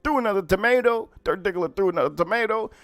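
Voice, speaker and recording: A man hosting a casual livestream, telling stories in an animated, profane way. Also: high-pitched, fast talker, dry recording. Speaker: livestream host.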